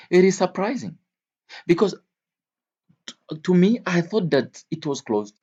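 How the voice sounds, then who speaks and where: A man teaching English vocabulary to learners, speaking slowly and repeating each word and example several times. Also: on the high side, mellow, highs cut off. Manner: slow, repeats words and examples.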